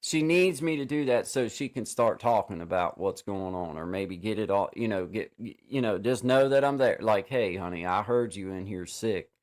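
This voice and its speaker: A man hosting a casual livestream chat over a video call, rambling with many restarts and fillers and giving warm shout-outs to viewers. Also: fairly low pitch, lively intonation, normal speed, hardly any pauses. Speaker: livestream host.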